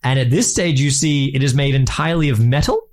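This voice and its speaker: A man running a tabletop game as game master, describing scenes in a rambling, halting way with fillers. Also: medium pitch, darkish tone.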